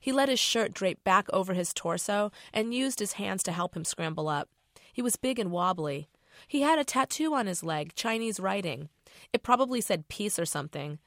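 A woman's voice: mid-range voice, animated, moderate pace, dry recording, clean studio sound. A middle-aged woman author reading her novel aloud in a casual, profane first-person voice.

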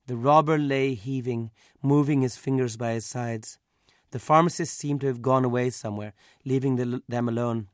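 A man, the author, reading his own literary story aloud in a measured, even way. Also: mid-range voice, no echo, studio quality.

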